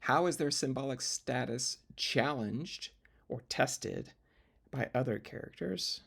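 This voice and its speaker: Gravelly, husky man lecturing. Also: mid-range voice, expressive, slow pace, a bit bright. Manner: explains step by step, with fillers and restarts. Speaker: literature teacher. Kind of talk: recorded lecture video.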